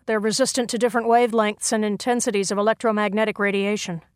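A capable woman medic, voiced by a male narrator, talks in a brisk, matter-of-fact way. The sound is close and dry. It is an audiobook character. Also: high voice, flat delivery, clear, resonant tone, no room sound, voice pushed up, close to an everyday voice.

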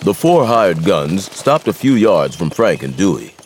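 Deep-voiced male narrator. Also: a little slow, slight background noise. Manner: steady storytelling. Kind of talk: scripted narration.

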